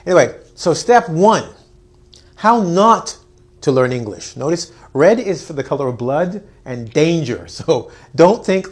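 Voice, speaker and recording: Playful guy teaching english, kinda high voice, jokes around a lot. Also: animated, measured pace. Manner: playful, self-mocking, acts out students. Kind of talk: jokey video lesson.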